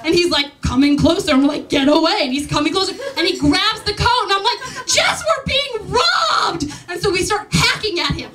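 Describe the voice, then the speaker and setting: A young woman telling a comic personal story at a live story slam, animated and laughing through her lines. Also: extremely high pitch, recorded from a distance, poor audio. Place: stage at a live event.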